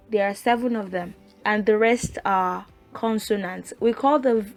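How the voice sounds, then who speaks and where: A woman teaching a language lesson in a casual way, reciting letters one at a time and explaining with relaxed fillers. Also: medium pitch, moderate pace, hardly any pauses, faint music behind.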